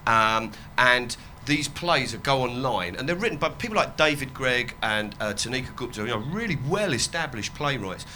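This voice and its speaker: A man's voice: medium pitch, expressive, moderate pace, hardly any pauses, sharp tone, slight background noise. A man chatting as an interview guest, rambling and laughing, swearing freely and dropping his voice to quote others. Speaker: comedian and activist guest. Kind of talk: casual chat.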